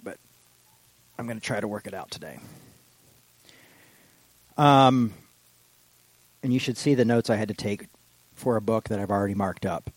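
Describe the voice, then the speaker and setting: A man preaching a casual, rambling sermon that slows for solemn readings. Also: fairly low pitch, dry recording, poor audio. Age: adult with children. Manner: casual and digressive, slows down for quotations. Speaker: pastor. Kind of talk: informal sermon.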